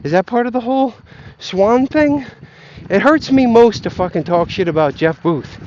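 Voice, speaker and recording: A man's voice: high voice, lively intonation, moderate pace, a little mellow, slight background noise. Rambling, profane young man ranting outdoors. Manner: profane, rambling, self-doubting. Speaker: vlogger. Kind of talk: rambling casual rant. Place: outdoors, near geese. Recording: muffled lo-fi recording.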